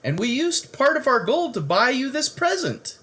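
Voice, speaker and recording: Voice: high-pitched, sing-song, moderate pace, bright, forceful tone, pitched above the performer's own voice, heavily acted. A storybook reader voicing an earnest young boy who pleads and cries out for his pet. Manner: pleading, crying out.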